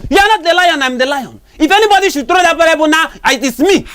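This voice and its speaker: A man's voice: extremely high pitch, expressive, fast talker, a bit bright. A man with a Nigerian accent playing a boastful politician in a comedy skit, taunting his rival with a stream of fillers. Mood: mocking. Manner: gloating, taunting, repeats fillers. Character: boastful mocking male election winner. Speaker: winning politician.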